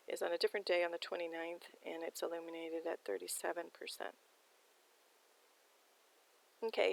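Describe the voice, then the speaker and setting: A woman's voice: fairly low pitch, creaky, fairly bright tone, low-quality recording. A woman hosting her own sky observation show, talking casually over a set of photos, rambling with many ums and restarts.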